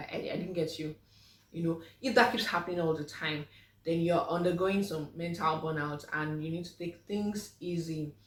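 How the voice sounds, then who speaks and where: A woman's voice: on the low side, fairly bright tone, recorded from a distance. A woman physiotherapist giving an informal health talk to mothers, chatty with many fillers, acting out the replies she quotes. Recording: echoey room, voice from off mic.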